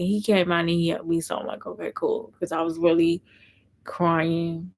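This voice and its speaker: Low, gravelly woman chatting on a live stream. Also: little pitch movement, normal speed, a little mellow, rough recording. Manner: chatty, reads and answers viewer comments. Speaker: livestream host. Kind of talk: casual livestream chat.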